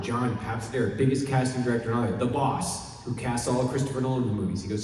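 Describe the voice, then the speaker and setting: A middle-aged man from Chicago, a panel guest telling animated anecdotes and acting out other people's lines. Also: mid-range voice, quick pace, hardly any pauses. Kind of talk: storytelling at a convention panel. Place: large convention hall. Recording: echoey hall, mic heard from far off.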